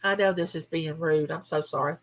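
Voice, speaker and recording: Talking a little fast in a low-pitched voice, this woman runs a casual live chat, reading out viewer comments and speaking directly to her audience. Her manner is animated and chatty.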